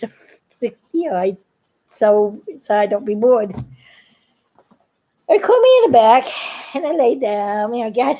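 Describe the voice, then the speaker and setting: A woman's voice: mid-range voice, dark tone. A woman chatting casually to her viewers, telling a story and laughing often. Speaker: YouTube cartoon maker.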